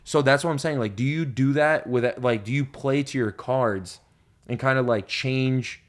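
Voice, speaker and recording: A young man hosting a podcast, telling stories in casual chat with lots of swearing and loud laughs at his own punchlines. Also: medium pitch, moderate pace. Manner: profane, animated storyteller, laughs loudly at punchlines. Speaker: podcast host.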